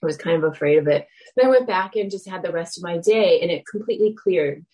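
A woman giving a dharma talk, telling a personal story in a reflective, animated way. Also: fairly low pitch, fast talker, low-quality recording.

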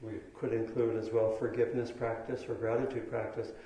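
A man teaching meditation in a dharma talk, speaking slowly and thoughtfully with pauses and fillers. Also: mid-range voice, flat delivery, mellow. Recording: very echoey hall.

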